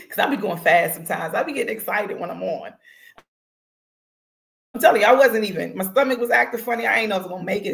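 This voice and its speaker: A woman hosting a live podcast stream in excitable, chatty, slangy talk, laughing easily. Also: mid-range voice. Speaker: podcast host. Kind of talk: casual livestream chat.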